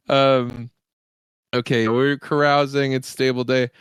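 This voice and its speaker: A man's voice: mid-range voice, clear, resonant tone, no room sound, studio quality. A man co-hosting a casual story-building chat, giggling and filling with "like". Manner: giggly, filler-heavy. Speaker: co-host.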